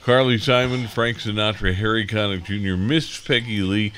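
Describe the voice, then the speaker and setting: A man's voice: on the low side, moderate pace, fairly bright tone. A middle-aged man hosting a morning radio show, stuffy and sniffling from a cold, rambling with many fillers. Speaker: radio host. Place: radio studio.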